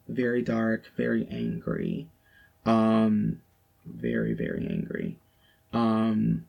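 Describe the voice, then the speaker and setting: A young Southern man with a lowish, creaky, husky voice that's slightly mellow tells his co-host a personal story. As a podcast co-host, he's frank, profane and casual, saying "like" constantly.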